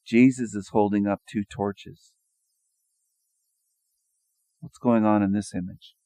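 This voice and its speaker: A man's voice: fairly low pitch, steady tone, slow pace, dark tone, no echo. A man giving a sarcastic, mocking monologue over images, firing rhetorical questions and repeating his phrases. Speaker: video commentator.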